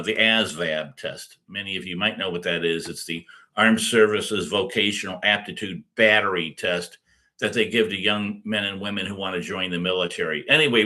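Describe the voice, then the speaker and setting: A man's voice: lowish voice, bright, forceful tone. A middle-aged man giving a casual recorded lecture as a course instructor, rambling with many fillers and restarts.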